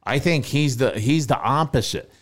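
A man's voice: mid-range voice, normal speed. Man, mid-range voice, loose profane chat, asks the group questions, casual podcast. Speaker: podcast co-host.

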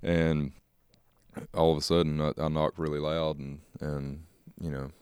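A man as a country singer guest in a casual interview, talking in a halting, measured way with many fillers. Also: very deep voice, flat delivery, a little mellow, clear, resonant tone, dry recording, studio quality.

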